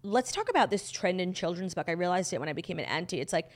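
A woman's voice: on the low side, animated, quick pace. A woman co-hosting a podcast, giving opinionated and sarcastic takes in casual pop culture chat, with casual swearing. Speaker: podcast co-host.

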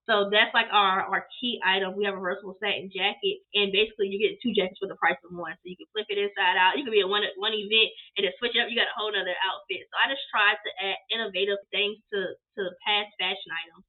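A woman guest telling her business story in a casual interview, animated and acting out quoted dialogue. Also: medium pitch, quick pace, hardly any pauses. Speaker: guest, apparel business owner. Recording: tinny phone-like line.

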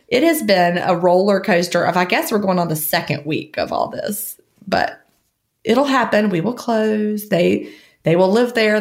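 A woman co-hosting a podcast in casual chat, rambling and laughing often as she talks. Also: medium pitch. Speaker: podcast co-host.

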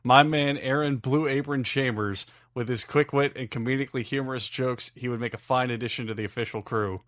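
A man's voice: mid-range voice, fairly even intonation, brisk, a bit bright, no room sound, studio quality. A man co-hosting a podcast in crude, mocking casual banter. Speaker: podcast co-host. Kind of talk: casual chat.

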